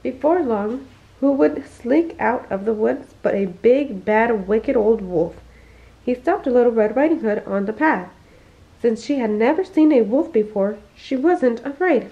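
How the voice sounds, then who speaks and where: A woman reading a children's bedtime story aloud, expressive and slowing down for emphasis, on a dull lo-fi recording. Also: fairly high pitch. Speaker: family storyteller.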